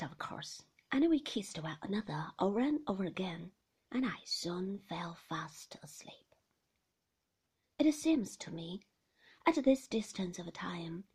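A woman reading a classic novel aloud in a soft, half-whispered voice. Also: lowish voice, breathy edge. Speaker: narrator. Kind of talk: storybook reading.

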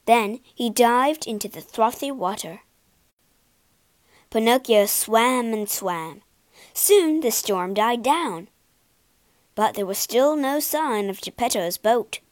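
A woman reading a children's storybook aloud with expressive, dramatic narration. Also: a little high, no room sound.

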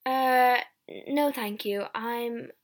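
A reserved Victorian doctor speaks politely, hesitating over his words, as a woman reader gives him voice. The delivery is slow and measured, in a fairly high register. A storybook reading. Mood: polite, uneasy.

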